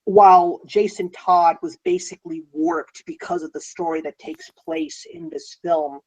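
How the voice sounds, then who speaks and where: Excitable man talking films. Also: high-pitched, a little slow, vocal fry, rough recording. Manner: excitable, drifts off the mic when enthused. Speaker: podcast co-host. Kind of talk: casual film discussion.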